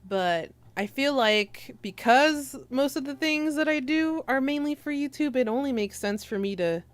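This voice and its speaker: A woman's voice: sits high, expressive, normal speed, clear, resonant tone, no echo. A young woman streamer chatting casually with her viewers, teasing and giggling as she reads the chat aloud.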